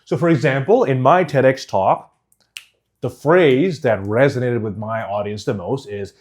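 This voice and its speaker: A man coaching public speaking, teaching with emphatic, direct demonstrations that swing from loud to whispered and from fast to slow. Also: medium pitch. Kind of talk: teaching course.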